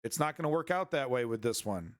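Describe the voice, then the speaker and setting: A man's voice: mid-range voice, animated, a little fast, no room sound, clean studio sound. Rambling, crude-joking male stream host. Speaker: streaming news show host. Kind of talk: casual live-stream commentary.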